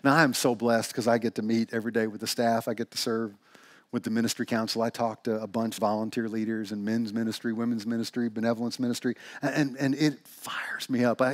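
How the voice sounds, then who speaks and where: A man's voice: mid-range voice, fast, dry recording, studio quality. A man preaching a sermon in church, telling stories and asking rhetorical questions. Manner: animated storytelling with rhetorical questions. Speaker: pastor.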